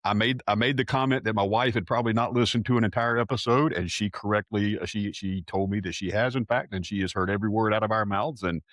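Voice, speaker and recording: Lower-voiced middle-aged man telling stories. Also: quick pace, few pauses, fairly bright tone, no echo, studio quality. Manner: storytelling, self-mocking, stammers on restarts. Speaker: podcast co-host. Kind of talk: casual chat.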